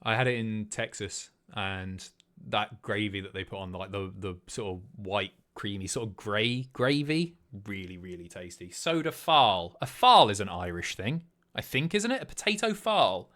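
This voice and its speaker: A man's voice: lowish voice, animated, moderate pace, a bit bright. A man hosting a live stream, chatting casually, swearing and guessing aloud as he reads chat. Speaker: streamer host.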